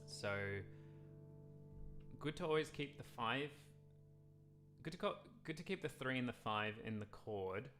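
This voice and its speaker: A man's voice: mid-range voice, lively intonation, fairly bright tone. A man teaching a live music theory lesson, counting beats and scat-singing rhythms to explain a song. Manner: sings example lines slowly.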